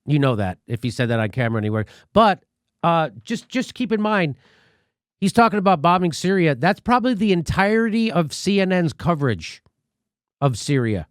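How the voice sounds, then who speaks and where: A man's voice: fairly high pitch, big pitch swings, moderate pace, no room sound, clean studio sound. A man hosting a comic political commentary show, ranting sarcastically and swearing often. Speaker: host.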